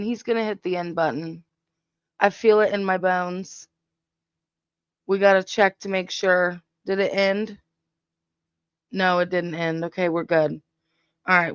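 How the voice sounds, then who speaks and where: A woman's voice: mid-range voice, smooth, dry recording, muffled recording. A woman hosting a casual livestream, chatting and often laughing. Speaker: livestream host. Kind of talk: casual chat.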